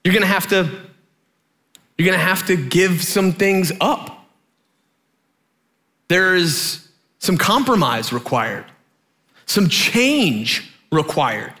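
A man preaching as a youth pastor, telling a personal story in an animated way and laughing often. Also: high voice, takes it slowly, long pauses.

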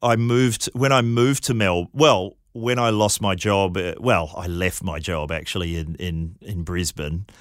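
A man's voice: low-pitched, fairly even intonation, measured pace, few pauses, dry recording, studio quality. A man from New Zealand whose accent wavers between Kiwi, Australian and English, telling anecdotes with frequent laughs. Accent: mixed New Zealand and Australian, drifting English. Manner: laughs often, self-deprecating anecdotes. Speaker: guest, comedian. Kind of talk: casual interview storytelling.

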